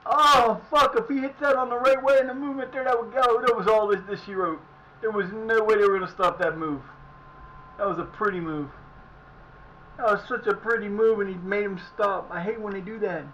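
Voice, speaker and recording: A middle-aged man streaming live and chatting casually as he plays, excitable and profane, often yelling at the action. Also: high-pitched, a little fast, slight background noise, low-quality recording. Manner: excitable, profane, shouts at the play. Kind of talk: casual live commentary while playing.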